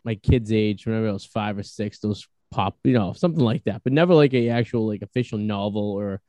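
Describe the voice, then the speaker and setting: Casting note: male podcast host, Boston accent, mellow dark tone, dry close sound, loose rambling delivery. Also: lowish voice, dry recording. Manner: rambling, halting with many restarts and fillers. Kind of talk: casual chat.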